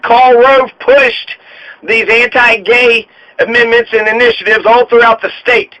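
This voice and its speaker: A man with a high, bright, forceful voice rants sarcastically through a political commentary, hammering his points with mocking repetition. The audio is dull and lo-fi. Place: home studio in Colorado.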